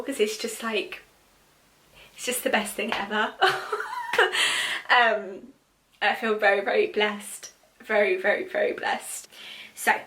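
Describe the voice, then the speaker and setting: Young woman, spiritual reader doing a chatty viewer Q&A; lively, filler-heavy storytelling, bright voice. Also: medium pitch. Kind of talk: casual Q&A monologue.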